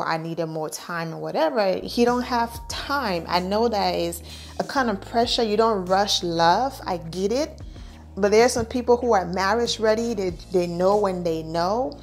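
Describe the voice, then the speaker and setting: A woman giving a chatty, slangy commentary on a TV show, often repeating herself. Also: medium pitch. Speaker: TV show reviewer. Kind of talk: casual recap commentary.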